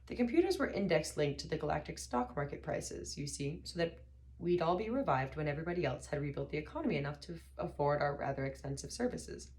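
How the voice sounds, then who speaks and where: A woman's voice: sits low, expressive. A woman voicing an elderly male planet builder, mild, wistful and vague, in an audiobook reading. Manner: gentle, slow, distracted speech with sudden sternness.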